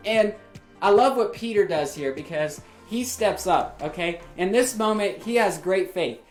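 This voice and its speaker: A woman leading a children's ministry, retelling a Bible story to kids in an animated storytelling manner. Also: fairly low pitch, moderate pace. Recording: roomy with faint music.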